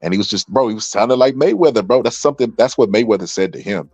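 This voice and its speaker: A man's voice: on the low side, quick pace, a little mellow, slightly rough, no room sound, lo-fi sound. A tired man casually commenting on boxing and reading viewer comments aloud, laid-back, saying "bro" a lot. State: tired from staying up late.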